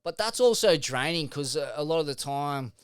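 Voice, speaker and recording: A laid-back Australian man talks in a smooth, resonant voice that sits a little high for a man. He rambles and swears freely in casual podcast chat, close on a dry mic with no room sound. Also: lively intonation, normal speed, no room sound. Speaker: podcast co-host.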